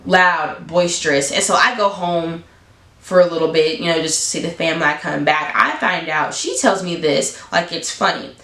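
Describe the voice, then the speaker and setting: A woman vlogger telling a story in a casual, blunt, animated way, leaping up in pitch for emphasis. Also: normal speed, reverberant.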